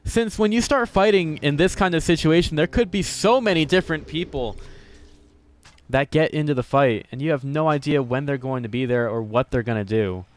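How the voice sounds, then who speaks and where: A man giving upbeat, jokey play-by-play commentary on a video game match, chuckling often and poking fun at himself. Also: mid-range voice. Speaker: esports commentator.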